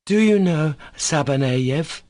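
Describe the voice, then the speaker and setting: A man voicing a cocky, quick-witted schoolboy who talks in a lofty, teasing way in an audiobook reading. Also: mid-range voice, animated, no echo, clean studio sound, pitched above the performer's own voice, close to an everyday voice. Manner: lofty, teasing, clipped and sure of himself.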